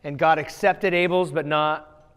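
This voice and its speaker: High-voiced man teaching kids in echoey hall. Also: fairly even intonation, a bit bright, smooth. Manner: asks quick questions of kids. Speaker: children's ministry teacher. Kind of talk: Bible story review with children. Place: church children's room. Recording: long hall reverb.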